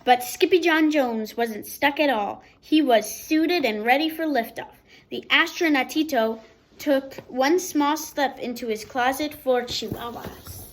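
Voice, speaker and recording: A woman reading a children's picture book aloud, expressive, pausing to explain words for young listeners. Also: sits high, a little hiss or hum, poor audio. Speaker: storybook reader.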